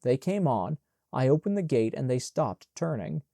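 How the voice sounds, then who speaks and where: A man reading an audiobook in a measured, plain narration on a close mic. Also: mid-range voice, very animated, dark tone, no echo.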